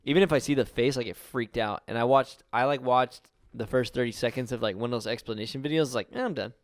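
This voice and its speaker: A man in his twenties co-hosting a podcast, talking in excitable casual chat peppered with swearing. His voice sits at an ordinary middle pitch. The sound is dry and close. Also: fast talker, dry recording. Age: 20s. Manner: excitable, laughs often, swears. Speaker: podcast co-host.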